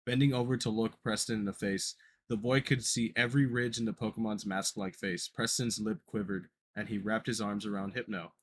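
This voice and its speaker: A man reads a horror story aloud on a podcast in an unpolished, casual way, often tripping on words and starting them over. His voice is on the low side and husky. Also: steady tone, brisk, few pauses. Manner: stumbling, self-correcting reading. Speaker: podcast co-host reading a creepypasta.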